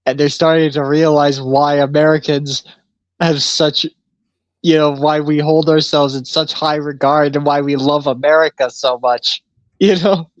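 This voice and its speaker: A man's voice: fairly high pitch, fairly even intonation, unhurried, dry recording. A man co-hosting a casual podcast, telling stories loosely, swearing and laughing often. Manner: laid-back storyteller, swears freely, laughs often. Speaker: podcast co-host. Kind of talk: casual chat. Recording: slightly dull lo-fi sound.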